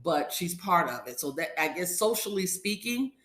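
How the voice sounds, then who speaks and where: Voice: medium pitch, sing-song, moderate pace, a bit bright, reverberant. A podcast host giving a casual episode recap, retelling scenes in a chatty way and acting out quotes from the characters.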